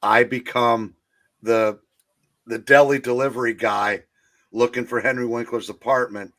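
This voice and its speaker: A man co-hosting a casual movie chat over a streaming call mic. He rambles and halts, restarting his sentences over and over. His voice sits at an ordinary middle pitch. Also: fairly even intonation, a bit bright. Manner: rambling, halting, with many restarts. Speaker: co-host of a movie talk stream.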